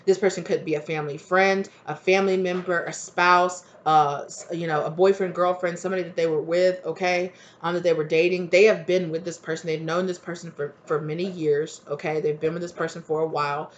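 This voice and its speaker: Tarot reader, casual rambling monologue, repeats phrases, lots of "like" and "right?", mid pitch, a bit lo-fi. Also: little pitch movement, fairly quick, few pauses. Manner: rambling, repetitive, full of "like" and "right?".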